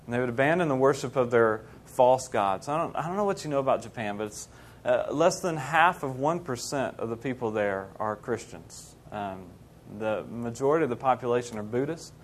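A middle-aged man preaching, telling a mission story in an animated way and acting out the people he quotes. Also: medium pitch, a little fast, slight background noise. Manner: animated, acts out quoted voices. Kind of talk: sermon storytelling.

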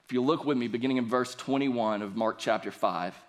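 A man's voice: medium pitch, brisk. A young man preaching a sermon, reading scripture aloud and building earnestly to emphatic points. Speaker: pastor.

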